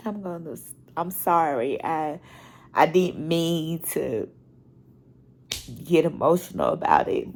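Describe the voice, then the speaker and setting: A woman's voice: on the low side, vocal fry, a little mellow, husky. A middle-aged woman at home, recording a personal video diary and talking heartfelt and direct to her viewers. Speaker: vlogger.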